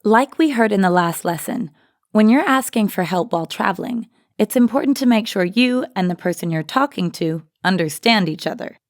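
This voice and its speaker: A woman co-hosting a scripted language lesson, explaining phrases in a friendly, clear way. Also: medium pitch, animated, moderate pace, no echo, clean studio sound. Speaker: language teacher and co-host.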